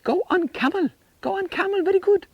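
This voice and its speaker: A man's voice: extremely high pitch, fairly quick, no echo, muffled recording, pitched above the performer's own voice. A man imitating an eager Egyptian tour guide with an Egyptian accent, speaking broken English in a pushy, upbeat way.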